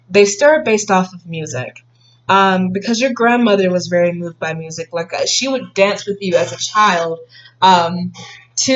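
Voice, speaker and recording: A woman's voice: mid-range voice, highs cut off. A woman giving a casual tarot reading to her viewers, rambling with many fillers and restarts. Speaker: tarot reader.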